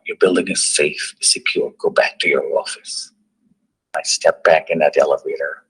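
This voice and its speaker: Middle-aged male survivor, deep raspy voice, slow halting storyteller. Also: low-quality recording. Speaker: survivor giving a testimony. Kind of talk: personal story told to students.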